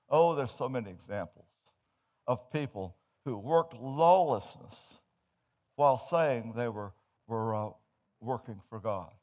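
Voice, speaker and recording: A man preaching a sermon, telling humorous stories and swinging from hushed to loud as he tells them. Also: mid-range voice, lively intonation, a little slow, lo-fi sound.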